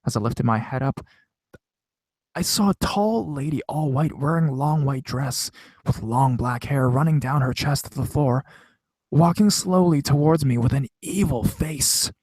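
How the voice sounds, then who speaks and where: A man's voice: mid-range voice, unhurried, darkish tone, breathy edge, no room sound. A man voicing a terrified, crying teenage girl, attempting a British accent and stumbling over his words.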